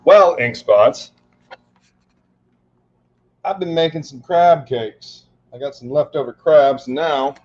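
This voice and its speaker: A cooking streamer works in his home kitchen, chatting casually with viewers in a wry, joking way and swearing now and then. His voice is medium-pitched, and the muffled lo-fi home recording carries a little hiss or hum.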